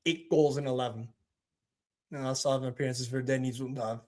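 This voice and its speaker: A man's voice: medium pitch, fairly even intonation, a little fast, a little mellow. A man hosting a live watch-along stream, giving casual commentary in a profane, ranting, mocking way.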